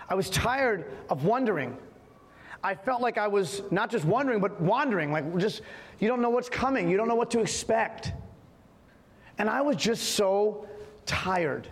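A man's voice: high-pitched, in a large hall. A man in middle age, a pastor preaching an impassioned sermon with emphatic repetition in a church. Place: church sanctuary.

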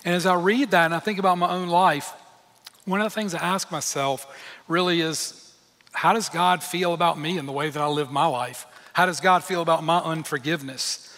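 Bright-voiced male pastor preaching in a reverberant hall. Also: fairly high pitch, fairly even intonation, moderate pace. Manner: earnest, emphatic preaching with candid personal asides. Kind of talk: sermon.

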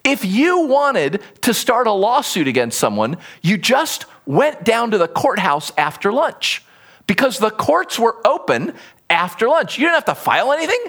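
A preacher giving a conversational sermon, explaining a Bible passage and acting out examples. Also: mid-range voice. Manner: conversational, animated, acts out quotes.

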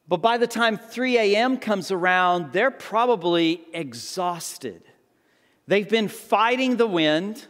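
A pastor with a high, somewhat bright voice preaches a sermon conversationally at a measured pace. As he reads and explains the story, he acts out the people in it, voicing the disciples. A long reverb tail trails his words.

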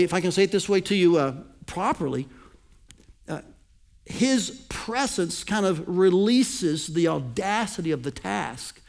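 A man preaching a sermon to his congregation as pastor, swinging between loud emphasis and hushed, intimate asides. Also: sits high, vocal fry.

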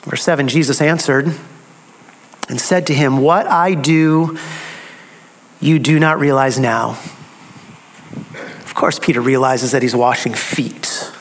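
A man preaching an expository sermon, slow and dramatic, with emphatic repetition. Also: medium pitch, a little hiss or hum.

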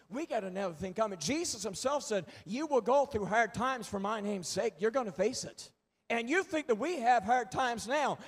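A male pastor delivers a fervent sermon in a notably high voice with a husky edge. He swings between soft, confiding asides and loud, rousing declarations. His delivery is lively and emphatic.

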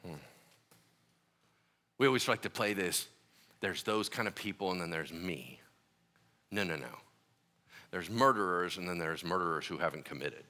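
A man preaching a sermon, an animated and joking storyteller who acts out little voices in his asides. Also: sits low, moderate pace, long pauses. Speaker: pastor.

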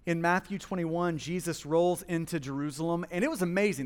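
A man preaching a sermon as pastor, with passionate swings between hushed and loud emphasis, speaking in a church. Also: a little high, fairly quick, hardly any pauses, in a large hall. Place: church hall.

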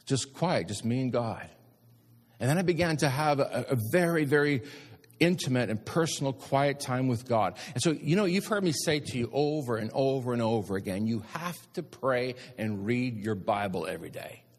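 Male pastor, emphatic sermon delivery, mid-pitched, long hall reverb. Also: animated, normal speed. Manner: emphatic preaching with repeated appeals to the congregation.

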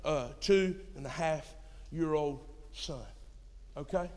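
A young man, a pastor preaching a sermon in a church with folksy storytelling, swinging from quiet asides to shouting. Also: on the high side, slow. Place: church sanctuary. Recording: long hall reverb.

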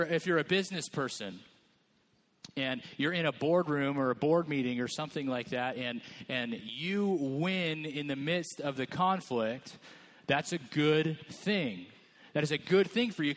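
A man's voice: a little high, fairly bright tone. A man preaching a sermon in a church, conversational and joking, acting out people's voices. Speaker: pastor.

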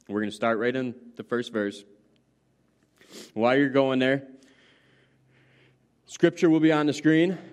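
A man's voice: medium pitch, unhurried, long pauses, a little mellow, clear, resonant tone. A middle-aged man preaching a sermon, retelling scripture in a casual, storytelling way. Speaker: pastor.

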